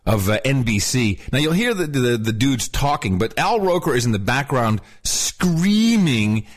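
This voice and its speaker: A man's voice: medium pitch, unhurried. A man hosting a podcast, telling stories and mocking the news in a casual political chat. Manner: mocking, animated storyteller. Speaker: podcast host.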